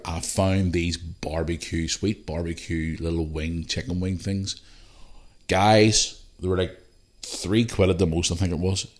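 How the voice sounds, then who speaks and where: Man, Northern Irish accent, deep voice, middle-aged, rambling casual storytelling, lots of swearing. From Northern Ireland. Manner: rambling, sweary, addresses listeners as guys. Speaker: podcast host.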